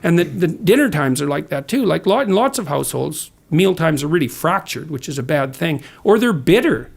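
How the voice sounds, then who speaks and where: A man's voice: a little high, big pitch swings, fairly quick, creaky. A man speaking as a podcast guest, earnest and lecturing, with sardonic asides. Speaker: guest author. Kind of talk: conversational podcast talk.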